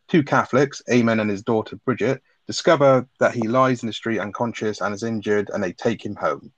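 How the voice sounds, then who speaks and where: A man co-hosting a podcast, reading a plot summary and chatting about a film in a relaxed way. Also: on the low side, fairly quick, no room sound. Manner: relaxed, laughs, tag questions. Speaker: podcast co-host. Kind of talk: reading a plot summary, then casual chat. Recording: dry, slightly dull mic sound.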